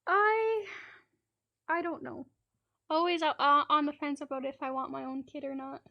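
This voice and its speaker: A woman's voice: high voice, normal speed, vocal fry, highs cut off. A woman streamer from Canada telling rambling, laughing anecdotes in a casual chat and acting out children's lines.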